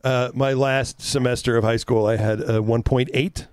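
A man co-hosting a podcast in relaxed conversation, mid-pitched, with a frank, profane storytelling habit. His voice sits close and dry, with no room around it. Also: normal speed, clear, resonant tone, no echo. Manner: candid, swearing storyteller. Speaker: podcast co-host. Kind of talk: casual chat.

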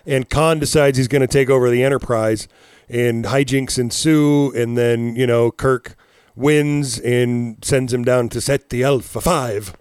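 A man's voice: mid-range voice, steady tone, unhurried, a little mellow, smooth, no room sound. A man in his forties, co-hosting a podcast in casual chat, rambling and cursing as he tells stories with laughs. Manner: rambling, profane, laughing storyteller. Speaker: podcast co-host.

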